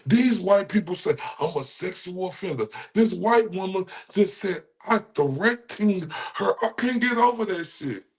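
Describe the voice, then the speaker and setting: A man's voice: high voice, expressive, measured pace, hardly any pauses. A man with a Texan accent, a streamer ranting with heated, taunting, profane commentary at his viewers. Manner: heated, repetitive, taunting, addresses viewers as y'all. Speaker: streamer reacting to clips.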